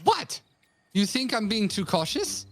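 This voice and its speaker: A man's voice: high-pitched, very animated, measured pace, a bit bright, faint music behind, pitched above the performer's own voice, full character voice. A man reading an eager young heir. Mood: earnest. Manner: reading game dialogue aloud.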